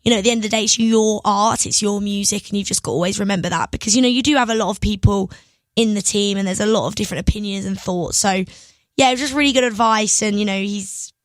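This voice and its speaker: A young woman, a singer, telling stories in an excitable, giggly way as a radio guest. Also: mid-range voice, fast, dry recording. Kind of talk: casual interview chat. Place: radio studio.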